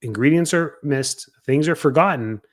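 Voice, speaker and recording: A man hosting a coaching show for chiropractors, talking in a casual, energetic way and acting out what people might say. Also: fairly high pitch, moderate pace. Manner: energetic and chatty, acts out quoted lines. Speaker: podcast host coaching chiropractors.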